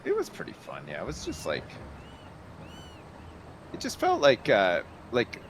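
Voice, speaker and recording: A man's voice: mid-range voice, wildly swooping pitch, unhurried, slight background noise. A man chatting casually about games with a friend, hesitant, with restarts. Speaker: co-streamer. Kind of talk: casual gaming chat.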